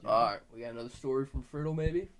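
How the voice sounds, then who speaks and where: A man's voice: mid-range voice, fast talker, noisy background. A young man hosting a casual podcast, telling a story with lots of laughter and acted-out quotes. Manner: animated, acts out quotes, laughs often. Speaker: podcast host.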